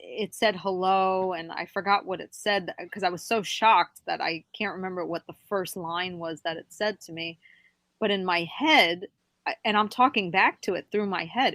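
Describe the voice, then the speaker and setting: Young woman guest telling a spooky story, stops and starts, low-ish voice. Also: dry recording. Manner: halting, animated when quoting herself. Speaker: podcast guest. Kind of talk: telling a personal paranormal story.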